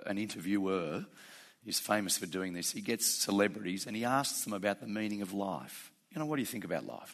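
A man with a fairly low voice preaching to his congregation. He talks plainly and conversationally, then presses his points with growing fervor. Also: a bit bright. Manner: conversational and plain-spoken, rising to fervent emphasis. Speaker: pastor. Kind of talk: sermon.

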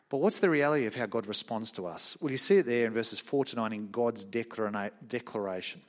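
Earnest man preaching a sermon. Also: on the low side. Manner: earnest, emphatic, slows down for key points.

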